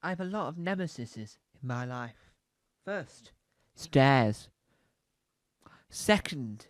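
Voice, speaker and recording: In an audio comedy special, a man with a Northern English accent performs a playful routine, repeating words and singing silly phrases. His mid-range voice is expressive and slow, with frequent pauses and no echo.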